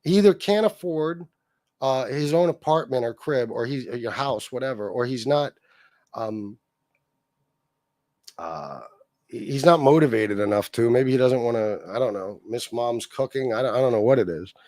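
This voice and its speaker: This livestream host has an expressive, medium-pitched, slightly mellow voice at normal speed, recorded clean in a studio with no echo. He reads out chat comments and tears into someone with lots of swearing.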